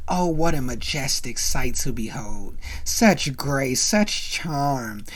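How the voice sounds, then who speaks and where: A woman voicing a smooth-talking young male hustler, full of flowery flattery. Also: rumbling low, slow, voice pushed down, heavily acted. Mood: flattering. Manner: flowery, schmoozing.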